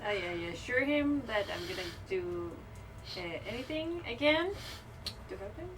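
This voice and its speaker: A woman's voice: mid-range voice, lively intonation, measured pace. Chatty woman playing a tabletop game. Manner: chatty and hesitant, with restarts and laughter. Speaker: player. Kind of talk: casual tabletop play. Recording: distant mic with faint background noise.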